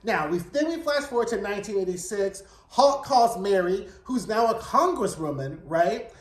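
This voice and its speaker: A man's voice: high voice, lively intonation, normal speed. A man giving a chatty, sassy and frank casual recap of a TV episode. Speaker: TV recap vlogger. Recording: roomy echo.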